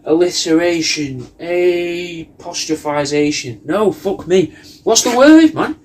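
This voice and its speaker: A man's voice: high voice, lively intonation, takes it slowly, a little mellow, slight background noise. A man, hosting a comedy cameo and riffing in a meandering, sweary monologue. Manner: meandering, sweary, riffing loosely with lots of "mate". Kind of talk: rambling comic monologue.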